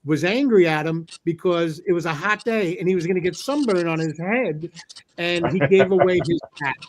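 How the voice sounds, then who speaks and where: A man hosting a casual chat, telling a short story in a brisk, plain way. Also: sits high, noisy background.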